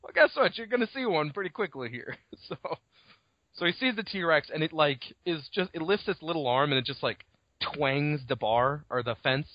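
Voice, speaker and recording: A man co-hosting a casual book podcast, retelling the story in an animated way, swearing freely and laughing often. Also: on the high side, moderate pace, no echo. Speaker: podcast co-host. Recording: dull lo-fi dry recording.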